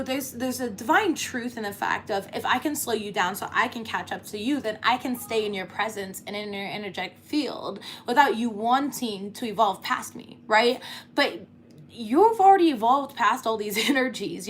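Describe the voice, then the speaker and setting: A woman's voice: a little high, lively intonation, moderate pace, a little hiss or hum. A woman giving a casual tarot reading, chatty and laughing often, cussing freely as she talks. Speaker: tarot reader.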